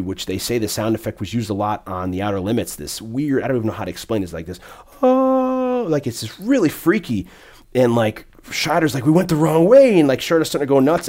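A man in casual podcast chat, retelling a film scene by scene in a rambling, animated way with many fillers. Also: fairly low pitch.

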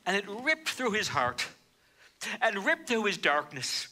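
A high, very bright male voice delivering a sermon. He swings from hushed, low lines to loud, ringing declarations. He leans on repetition to drive points home. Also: huge pitch swings, unhurried. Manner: dramatic preaching, swinging between hushed and loud; repeats phrases for emphasis. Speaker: pastor.

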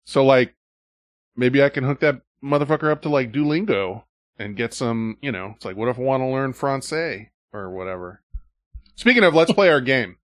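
A man's voice: mid-range voice, moderate pace, no echo, clean studio sound. A man hosting a podcast, telling stories in a casual, profane way and acting out other people's lines. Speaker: podcast host. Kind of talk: casual storytelling chat.

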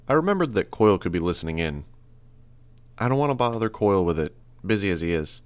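A man reading a first-person audiobook in a steady, measured way. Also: low voice, no room sound. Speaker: audiobook narrator.

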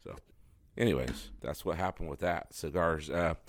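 A man's voice: rumbling low, normal speed, no echo, clean studio sound. A man hosting a podcast, telling a rambling casual story and acting out the voices of people in it. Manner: rambling, acts out quoted dialogue with voices. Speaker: podcast host. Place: home studio.

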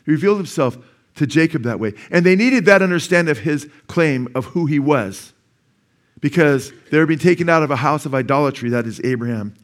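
Earnest pastor with a higher voice. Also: male voice, lively intonation, a little fast. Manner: earnest, asks the congregation "amen?", restarts words. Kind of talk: sermon. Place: church.

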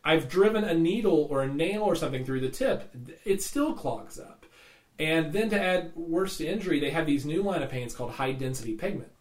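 A man's voice: a little high, expressive, brisk. Male podcast host, loose rambling rants, roomy echoey sound. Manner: chatty, rambling, swears when ranting. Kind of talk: casual chat.

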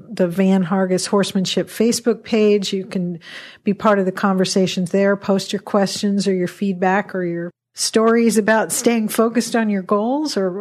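A woman co-hosting a podcast, speaking in a measured way and reading the show's outro. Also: mid-range voice, a little mellow. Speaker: podcast co-host.

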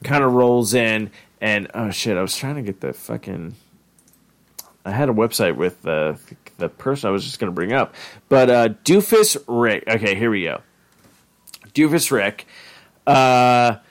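A man co-hosting a casual podcast, rambling and enthusiastic with plenty of swearing. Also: medium pitch. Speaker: podcast co-host. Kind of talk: casual chat.

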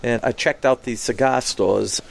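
A Boston man co-hosting a podcast tells a casual story with animation, acting out the voices of the people he quotes. His mid-range voice has vocal fry and runs a little slow.

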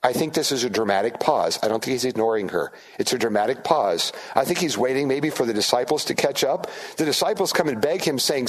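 A middle-aged man preaching a sermon as pastor, in a conversational, animated way, with frequent restarts and asides to the congregation. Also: medium pitch, fairly quick. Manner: conversational, animated, acts out disciples' voices.

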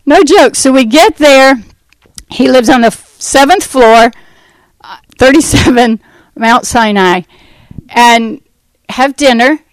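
A woman from the United States telling her life testimony, acting out the dialogue in lively fashion. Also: on the high side, no room sound, low-quality recording. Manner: animated storyteller acting out dialogue. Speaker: ministry founder giving testimony. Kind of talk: personal testimony talk.

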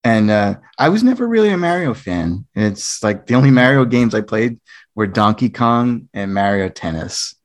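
A man co-hosting a casual panel chat, relaxed and rambling with many fillers. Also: fairly low pitch, moderate pace. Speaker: podcast co-host.

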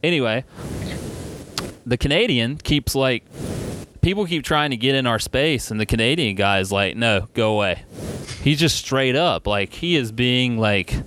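A man in casual chat, telling an animated, swearing story with laughs. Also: mid-range voice, normal speed, slight background noise. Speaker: podcast storyteller.

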